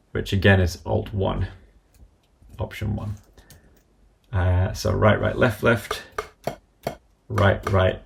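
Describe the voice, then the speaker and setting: Low gravelly man talking through keystrokes. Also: slight background noise. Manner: methodical, calling out keystrokes step by step. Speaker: software tutorial presenter. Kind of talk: screen-recorded software walkthrough.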